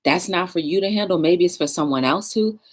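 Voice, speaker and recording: Emotional woman host preaching positivity on a live stream, low husky voice. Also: a little fast. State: emotional, close to tears. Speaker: talk show host.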